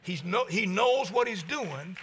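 A man preaching a sermon as pastor, with a preaching cadence that swells to shouts and drops low. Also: lively intonation, slow pace, noisy background.

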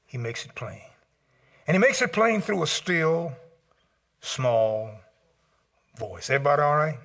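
A man preaching a sermon as pastor, swinging between shouted peaks and hushed low passages and calling out to the congregation. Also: big pitch swings, fast talker, gravelly. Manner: calls out to the congregation. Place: church service.

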